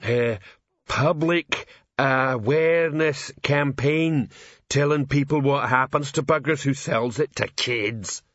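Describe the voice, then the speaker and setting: A man voicing a slow-witted, earnest male troll sergeant who speaks slowly and ungrammatically. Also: mid-range voice, fairly bright tone, dry recording, highs cut off.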